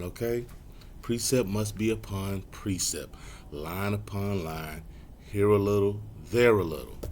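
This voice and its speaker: A man's voice: on the low side, a little hiss or hum. Laughing casual preacher man. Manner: casual and conversational, laughing often, slows to read verses. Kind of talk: sermon with scripture reading.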